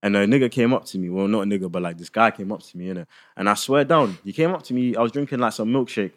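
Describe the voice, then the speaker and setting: A young man co-hosting a podcast, joking in lively casual chat. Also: fairly low pitch, fast. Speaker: podcast co-host.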